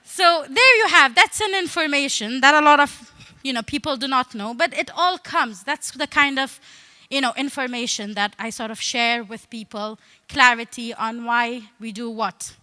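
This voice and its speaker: High bright woman, playful. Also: normal speed. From United Arab Emirates. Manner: playful, teasing, conversational. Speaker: comedian and storyteller. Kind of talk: humorous conference talk. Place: stage.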